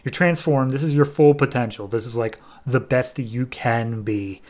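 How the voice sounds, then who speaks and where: A man voicing an ancient, weary wizard mentor in a casual comic recap, matter-of-fact and hurried. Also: medium pitch, a little mellow, close to an everyday voice. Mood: explaining. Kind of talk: casual retelling of a comic with quoted voices.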